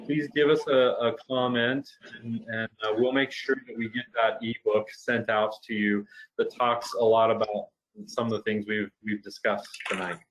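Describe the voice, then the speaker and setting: A man co-hosting a physical therapy webinar, friendly and a bit halting, often repeating words as he restarts. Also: fairly low pitch, fairly even intonation, low-quality recording. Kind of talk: casual webinar talk.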